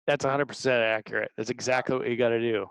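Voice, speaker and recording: A man talking as a sales guest, animated, often tagging his points with "right?" and acting out callers' lines. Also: medium pitch, quick pace, clear, resonant tone, dry recording, poor audio. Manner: animated, tag questions, acts out callers. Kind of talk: energetic interview talk.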